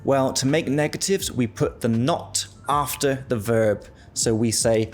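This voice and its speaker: Male English teacher, mid-range voice, upbeat video-lesson delivery over faint music. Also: mid-range voice. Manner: upbeat, slows right down for example sentences. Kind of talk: online English grammar lesson.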